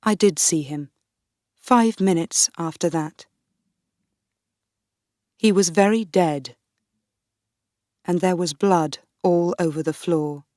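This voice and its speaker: A woman narrating a first-person story for English learners in a clear, measured way. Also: lowish voice, darkish tone, no echo, studio quality. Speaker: audiobook narrator.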